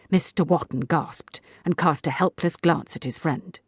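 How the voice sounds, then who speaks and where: A woman narrating a classic short story for an audiobook in a measured, even manner. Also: sits low, vocal fry, breathy edge, dry recording, studio quality.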